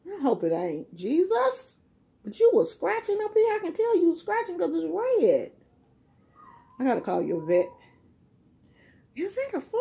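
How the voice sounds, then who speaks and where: Talking casually to her camera, a husky-voiced woman vlogger goes on an emphatic rant that swings from low murmurs up to loud, high outbursts.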